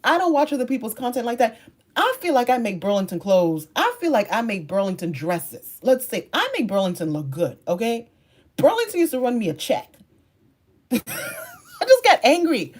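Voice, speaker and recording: A woman content creator in a casual livestream chat, reading comments and answering viewers, animated and quick to laugh, moving between soft musing and excited outbursts. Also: fairly high pitch. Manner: laughs often, talks straight to viewers.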